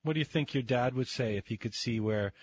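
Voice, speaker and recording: Brief: male interviewer, husky, friendly, stumbles into his questions, dull dry recording. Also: medium pitch, no echo. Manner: friendly, laughs along, halting restarts.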